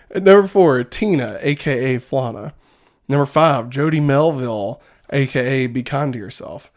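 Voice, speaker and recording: Her voice is low and a little mellow as she chats casually on the podcast she co-hosts, giggling and laughing frequently along the way.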